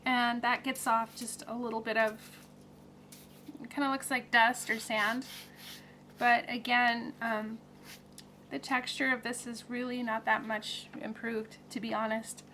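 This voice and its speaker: A woman hosts a casual craft tutorial, talking through each step plainly with the odd filler. Her voice is bright and sits a little high. A faint hiss of background noise runs under the recording. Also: flat delivery, a little slow. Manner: plain-spoken, practical, hesitant with fillers. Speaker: crafting video host.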